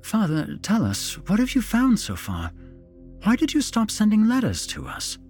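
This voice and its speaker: A worried young woman in a storybook reading, pitched high and pressing with urgent questions, as a male narrator puts her on. Her voice rises loud and insistent with each question. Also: huge pitch swings, moderate pace, soft background music. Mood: pleading.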